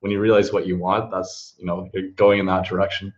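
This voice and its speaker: A man's voice: sits low, monotone, fairly quick, highs cut off. A man hosting an interview, chatting casually and adding easygoing, relatable asides. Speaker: host.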